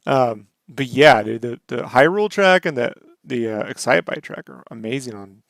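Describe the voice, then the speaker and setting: Gravelly dude, chill jokey casual chat, swears a lot, dry close mic. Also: male voice, mid-range voice, expressive, moderate pace, a bit bright, no room sound. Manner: laid-back, joking, profane. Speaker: podcast co-host.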